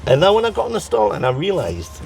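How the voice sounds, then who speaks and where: A man with a Tyneside accent telling stories as an interview guest in a lively, laughing way, acting out what people said. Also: fairly high pitch, fast talker, gravelly, far from the mic, a little hiss or hum. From North East England. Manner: lively, laughs through his stories, acts out quotes. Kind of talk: casual storytelling chat.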